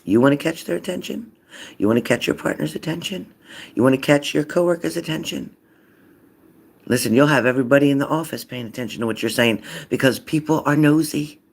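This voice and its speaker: Gravelly man giving a psychic reading. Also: a little high, brisk. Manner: animated, acts out loud and whispered voices. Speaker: psychic card reader. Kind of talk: casual spoken reading.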